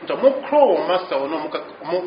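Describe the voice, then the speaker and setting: High-voiced Ghanaian preacher, echoey. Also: male voice, big pitch swings, fast talker, a crowd in the background. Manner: emphatic preaching, switching back and forth between English and Twi. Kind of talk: sermon. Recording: echoey, dull lo-fi recording.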